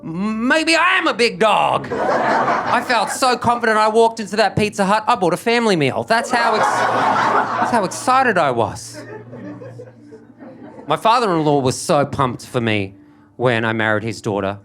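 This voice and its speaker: Recorded live amid crowd noise at a comedy club, this young man's stand-up routine comes at normal speed with lively intonation. He holds the mic and keeps his humor dry and self-deprecating, breaking without warning into a higher voice.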